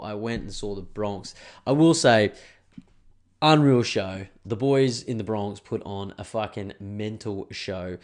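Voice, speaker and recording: An Australian man in his thirties hosting a podcast, telling stories in a chatty, animated way and swearing freely. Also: fairly low pitch. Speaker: podcast host. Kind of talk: casual solo chat.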